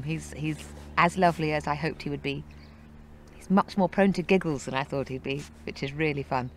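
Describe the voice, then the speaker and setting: A woman's voice: low-pitched, slight background noise. A woman speaking as an actress in a press interview about her film, chatty and good-humored. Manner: chatty and good-humored, often breaking into laughter.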